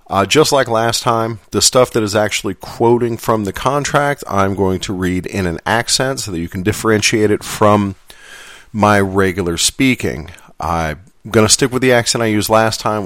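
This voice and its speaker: A man hosting a podcast, talking casually about what he will read, relaxed and self-deprecating. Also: on the low side, dry recording, studio quality. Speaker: podcast host.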